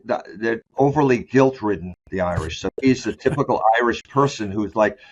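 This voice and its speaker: A man being interviewed as a sport psychologist, talking candidly and loosely, often restarting his sentences and slowing down to stress key words. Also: lowish voice, a little hiss or hum. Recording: dull lo-fi sound.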